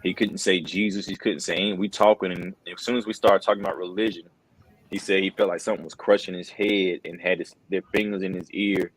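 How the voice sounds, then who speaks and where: Middle-aged male interview guest, very deep voice, earnest and casual, lots of "bro". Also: little pitch movement, quick pace, slightly rough, dry recording, low-quality recording. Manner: earnest, says "bro" and "man" a lot, many restarts. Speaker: wrestling commentator, interview guest. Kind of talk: casual conversational storytelling.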